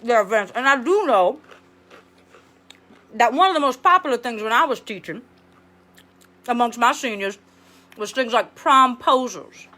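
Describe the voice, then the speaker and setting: A woman's voice: a little high, animated, a little slow, long pauses, bright, forceful tone. A woman playing a brassy, blunt ex-teacher. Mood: sassy. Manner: sassy, rambling, blunt. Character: brassy blunt middle-aged female ex-schoolteacher. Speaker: comedic livestream host character. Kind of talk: improvised character monologue.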